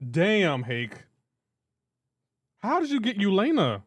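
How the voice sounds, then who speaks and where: A man's voice: sits high, wildly swooping pitch, slow, pauses often. A young man live-streaming a game, chatting casually with his chat and teasing them in playful banter. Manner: teasing, banter-heavy, breaks into laughter.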